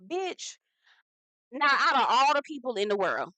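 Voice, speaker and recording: A woman hosting a casual reality TV recap, talking in a sassy, profane, animated way and acting out the quotes herself. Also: high-pitched, a little slow, no room sound, low-quality recording.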